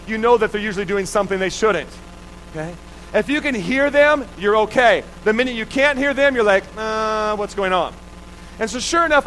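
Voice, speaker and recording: A man's voice: very high-pitched, fairly bright tone, a little hiss or hum, rough recording. A man preaching a sermon, telling a personal story and putting rhetorical questions to the congregation. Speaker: pastor.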